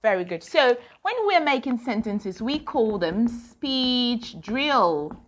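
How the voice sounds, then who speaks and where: A woman's voice: a little high, animated, takes it slowly, slight background noise. A woman teaching a pronunciation lesson to children. She drills words one at a time and asks and answers her own questions.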